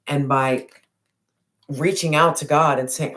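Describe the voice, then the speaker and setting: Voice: medium pitch, steady tone, measured pace, fairly bright tone. A tarot reader giving a spiritual reading straight to the viewer, emphatic and repetitive, with casual slang and the odd swear.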